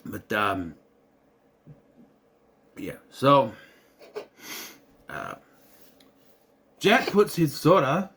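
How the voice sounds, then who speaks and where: Man from southern Minnesota, rambling casual commentary, lively pitch, bright tone, swears now and then. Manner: rambling, restarts, occasional swearing. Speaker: video reviewer.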